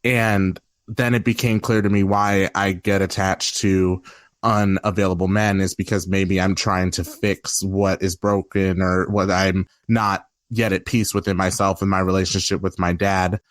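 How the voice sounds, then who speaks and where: A low-voiced man speaks openly and reflectively as a podcast guest, his voice catching with emotion now and then. The recording is dry and close, with no room sound. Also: level tone, measured pace, no room sound. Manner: candid, reflective, tearful at times. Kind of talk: emotional personal conversation.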